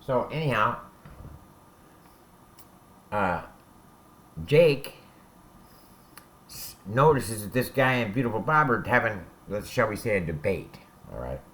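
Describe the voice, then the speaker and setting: Blunt, profane storytelling man, low voice. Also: sing-song, slow pace, long pauses, fairly bright tone. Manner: blunt and profane, tags points with "all right?". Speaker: former prisoner telling stories. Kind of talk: casual spoken storytelling.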